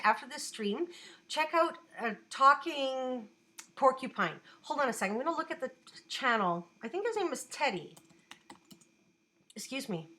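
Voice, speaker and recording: Giggly young woman rambling on her live stream from home, high voice, chatty. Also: pushed and bright. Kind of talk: casual live stream chat.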